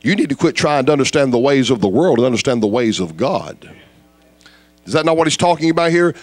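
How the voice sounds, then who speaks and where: A man preaching a fiery evangelistic sermon, dropping to low intensity then rising to loud, high shouts. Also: lively intonation, brisk.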